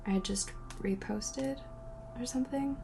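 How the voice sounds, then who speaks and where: Young woman, home Q&A vlog, rambly and giggly, drops to whispers, vocal fry, faint room noise. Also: fairly high pitch, measured pace. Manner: rambling, giggly, self-interrupting, often trailing into soft whispers. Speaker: vlogger answering viewer questions. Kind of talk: casual solo Q&A chat. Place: at home by a window.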